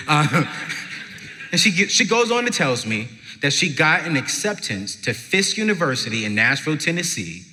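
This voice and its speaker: Lively man telling a story on stage. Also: a little high, moderate pace. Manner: animated, jumps to shouting acted quotes. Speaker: speaker at a parenting event, former youth pastor. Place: event stage in a large hall. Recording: long hall reverb.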